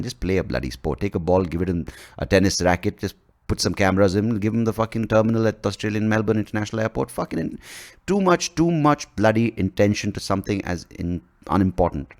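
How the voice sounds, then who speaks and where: A man rambles through a comic podcast monologue, swearing freely and poking fun at himself. His low voice is gravelly and rises and falls in lively swings. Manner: profane, rambling, self-mocking. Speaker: podcast host. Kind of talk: comedic monologue.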